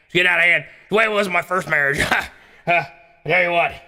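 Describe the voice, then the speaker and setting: A man's voice: high-pitched, fast talker, creaky, sharp tone, full character voice. A man voicing a blustering Texan talk-show host who rambles with many fillers, in an echoey hall. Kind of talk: comedy sketch role-play.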